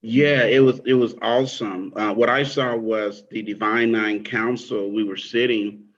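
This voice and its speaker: A man in a casual group chat, telling an excited, rambling story. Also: on the low side, unhurried. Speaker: participant. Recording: dull lo-fi sound.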